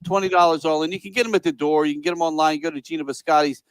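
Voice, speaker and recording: Man host, casual chat, slightly high voice, dry close sound. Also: steady tone, very fast, no room sound, poor audio. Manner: loose and profane, laughs often. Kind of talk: casual chat and show promos.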